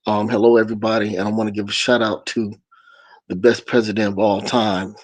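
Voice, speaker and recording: A man guesting on a livestream, giving mock-formal shout-outs in a halting way, with many ums. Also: fairly low pitch, level tone, dry recording, low-quality recording. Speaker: show guest.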